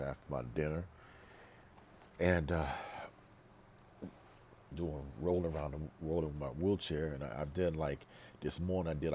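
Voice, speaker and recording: A man with an extremely deep, low voice talks straight to the camera in a casual vlog. He hammers his points home by repeating phrases and drifts into rambling asides and restarts. A faint hiss of background noise sits under the recording. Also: warm tone. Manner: emphatic, repeats phrases for stress. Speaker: pastor and vlogger.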